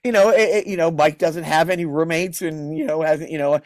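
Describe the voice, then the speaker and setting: A man's voice: a little high, a little fast, no echo. A man hosting a podcast, telling a long, rambling story in casual chat and acting out other people's lines. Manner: rambling storyteller, many restarts; animated, acts out others' lines. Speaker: podcast host.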